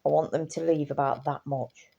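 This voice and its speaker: A woman's voice: sits low, fairly even intonation, a little fast, gravelly, dark tone, lo-fi sound. A tired woman, rambling in casual chat to her camera and swearing freely. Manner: chatty, swears casually, trails off and restarts. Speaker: vlogger.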